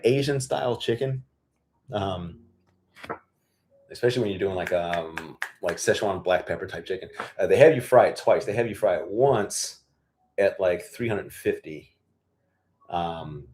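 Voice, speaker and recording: A hoarse male farmer hosting a casual livestream Q&A, blunt and profane, rambling with lots of fillers. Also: sits low, a little mellow. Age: adult with children. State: losing his voice, hoarse.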